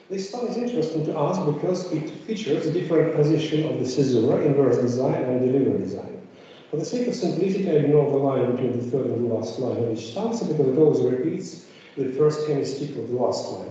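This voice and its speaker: A man giving an academic conference lecture, pausing often with fillers as he explains. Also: mid-range voice, mellow, slight background noise. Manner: hesitant, many filler pauses. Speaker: conference speaker. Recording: echoey, distant, dull room recording.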